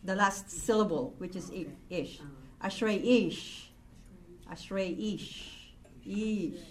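Slow-speaking woman teaching a lesson. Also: lowish voice. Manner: slow, patient, explains step by step. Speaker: Hebrew teacher. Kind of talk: classroom lesson.

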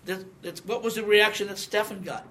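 A man's voice: high voice, steady tone, fairly quick, pushed and bright. A man in his sixties giving a conversational Bible teaching, quizzing the class and reading scripture with emphasis. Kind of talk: teaching sermon with audience questions.

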